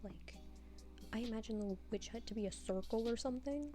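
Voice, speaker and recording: A woman's voice: on the high side, fairly quick, mellow, faint music behind. A woman giving casual voiceover commentary on her own game build, rambling and self-deprecating with a sarcastic streak.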